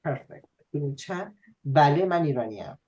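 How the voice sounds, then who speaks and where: A man tutoring a student online, explaining patiently with frequent pauses and fillers. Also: fairly high pitch, animated, warm tone, low-quality recording. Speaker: language tutor.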